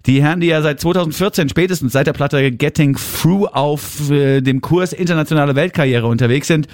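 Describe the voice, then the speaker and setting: A man's voice: a little high, a little fast, a little mellow. A man hosting a radio interview in a studio, speaking, joking and laughing often. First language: German. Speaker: radio host. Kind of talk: radio interview, German and English. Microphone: studio microphone.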